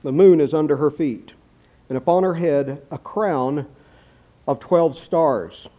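A man preaching a sermon verse by verse, slowing down to read scripture aloud and often adding "if you please" as an aside. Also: fairly high pitch, mellow. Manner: measured, slows for quoted scripture, repeats "if you please". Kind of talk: expository sermon.

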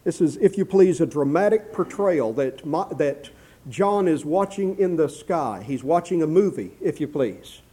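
A man delivering a verse-by-verse sermon in a slightly high, mellow voice. He talks in a measured teaching manner and slows right down when he reads scripture aloud. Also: expressive. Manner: measured, slows for quoted scripture, repeats "if you please". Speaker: preacher. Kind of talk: expository sermon.

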